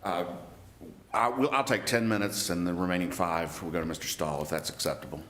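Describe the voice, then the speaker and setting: A man with a lowish voice presents an appellate argument in a courtroom. He speaks in a measured way and presses hard on particular words. The room rings with noticeable echo. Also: steady tone, a bit bright. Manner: measured, emphatic about word choice, with occasional restarts. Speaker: attorney for the appellee.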